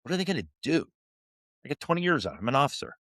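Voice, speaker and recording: A man's voice: a little high, very animated, racing, a bit bright, no room sound, clean studio sound. A man in his forties, a firefighter officer, telling stories in an interview with earnest restarts and fillers. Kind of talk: storytelling interview answers.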